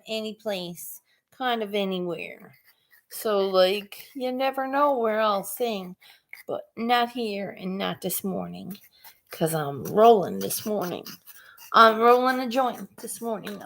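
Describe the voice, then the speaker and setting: Slow, laid-back woman. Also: a little high, a bit bright. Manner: laid-back, chatty, greets viewers by name. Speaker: live stream host and artist. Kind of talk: casual live stream chat.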